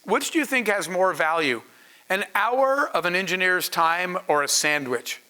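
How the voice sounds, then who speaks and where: Man, startup founder, animated storyteller, acts out dialogue, sharp bright tone. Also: sits high, a little slow, rough recording. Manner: animated, laughing, acting out dialogue. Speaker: startup founder and panel speaker. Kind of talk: storytelling talk to an audience.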